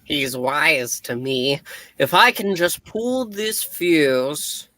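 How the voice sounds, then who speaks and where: A woman's voice: low voice, lively intonation, extremely slow, a bit bright, dry recording, exaggerated voice. A woman voicing a sly male master-of-disguise villain in a casual comic read-aloud. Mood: wary.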